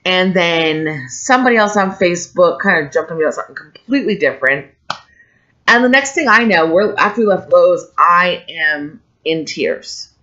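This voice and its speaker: A woman's voice: fairly low pitch, lively intonation, a little fast, a bit bright. A woman in her forties talking candidly and emotionally in a personal vlog, rambling with restarts. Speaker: vlogger. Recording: dull lo-fi home recording.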